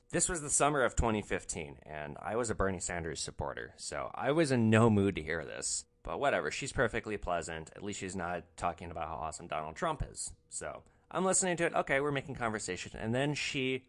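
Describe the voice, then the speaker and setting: A man with a low, slightly bright voice hosts a podcast, recounting his rideshare experiences. His storytelling is casual, sarcastic, and blunt.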